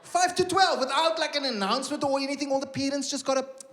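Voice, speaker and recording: A man's voice: extremely high pitch, fast. A middle-aged South African man doing live stand-up, telling stories with acted-out voices and asides to the audience. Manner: animated storytelling with acted-out voices and asides to the crowd. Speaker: stand-up comedian. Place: live comedy venue with an audience. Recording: loud live crowd and background noise. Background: audience laughter and applause.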